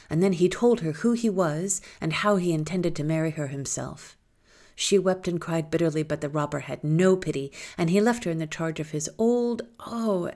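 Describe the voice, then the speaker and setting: A woman reading a folktale aloud in a lilting, expressive storytelling manner. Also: sits low.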